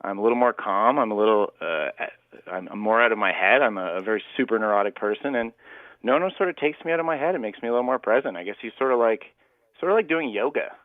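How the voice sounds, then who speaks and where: Radio guest on a phone line: a low-voiced man, earnest and rambling. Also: animated, fast, dry recording. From Canada. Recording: dry, tinny phone line.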